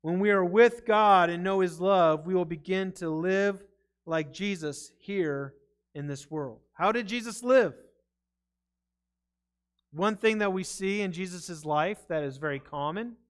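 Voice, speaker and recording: In the sanctuary of a church, a pastor gives an earnest, conversational sermon. His voice is high and clean-toned, and every so often he stumbles over what he's saying.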